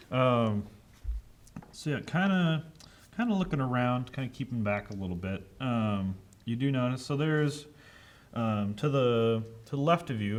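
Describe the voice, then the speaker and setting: A man narrating as game master in a casual, rambling way with many fillers. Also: medium pitch.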